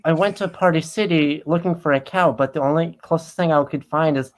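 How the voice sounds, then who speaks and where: A man on a casual comic livestream panel, cracking deadpan jokes. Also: a little high, a little fast. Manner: deadpan joker. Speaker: stream co-panelist.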